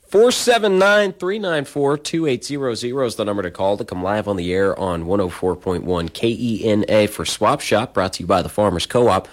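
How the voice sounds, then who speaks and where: A man's voice: on the low side, fairly quick, few pauses. Sleepy, easygoing radio host man. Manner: loose and self-deprecating, yawning and stumbling over words. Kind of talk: casual radio call-in show hosting. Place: small-town radio studio.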